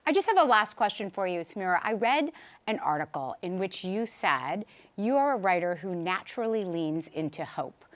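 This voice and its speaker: A woman's voice: medium pitch, very animated, moderate pace. A woman hosting a book interview, asking questions and affirming her guest in an encouraging way. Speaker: host. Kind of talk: interview chat.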